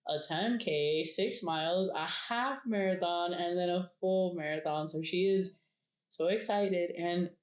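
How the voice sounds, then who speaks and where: A woman's voice: fairly low pitch, measured pace. A woman in her thirties, a therapist co-hosting a podcast, chatting casually and laughing often, sometimes dropping to a near-whisper. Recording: echoey room, dull lo-fi sound.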